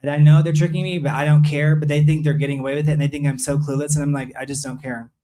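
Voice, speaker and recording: Fast-talking middle-aged male host. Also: on the high side, level tone, warm tone. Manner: rambling, restarts sentences, upbeat. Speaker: show host. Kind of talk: casual panel chat.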